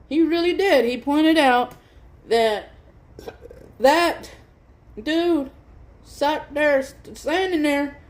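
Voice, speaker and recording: A woman hosting a livestream, giving blunt, opinionated reaction commentary and swearing freely. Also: high-pitched. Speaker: livestream host.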